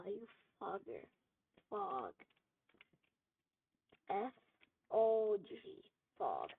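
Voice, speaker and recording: A woman giving gameplay commentary, frustrated, swearing and yelling at the game. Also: medium pitch, wildly swooping pitch, very slow, creaky, long pauses. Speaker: gamer. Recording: tinny phone-like audio with faint noise.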